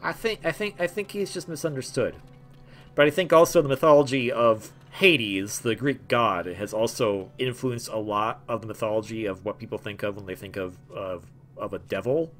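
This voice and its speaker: A man's voice: mid-range voice, normal speed, a bit bright, soft background music. A young man hosting a gameplay video, rambling in a jokey way with lots of stammers and restarts. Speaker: gaming video host. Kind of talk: casual gameplay commentary.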